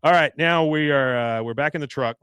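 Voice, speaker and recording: A man's voice: on the high side, a little fast, fairly bright tone, smooth, no echo. A man hosting a podcast in a studio, recapping an episode in casual chat and chuckling as he reads lines from the show. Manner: chuckles often, reads show quotes aloud. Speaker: podcast host.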